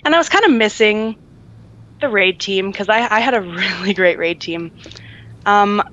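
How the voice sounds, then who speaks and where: A woman's voice: mid-range voice, normal speed, a bit bright, highs cut off, slight background noise. A woman co-hosting a podcast in casual chat, chatty and laughing often, with many ums. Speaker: podcast co-host.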